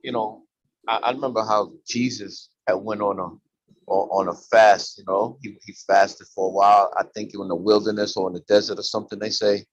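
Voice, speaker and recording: A man's voice: lowish voice, flat delivery, brisk, slightly rough, no room sound, highs cut off. A man in casual chat who rambles loosely and laughs at his own jokes.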